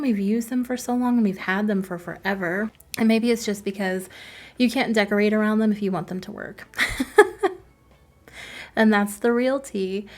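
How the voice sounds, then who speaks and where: A woman in a relaxed voice-over, talking through her build in a chatty, rambling way. She pokes fun at herself and laughs often between thoughts. Her voice sits at a middling pitch, recorded close on a home desk mic. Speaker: game build video creator. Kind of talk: casual voice-over commentary.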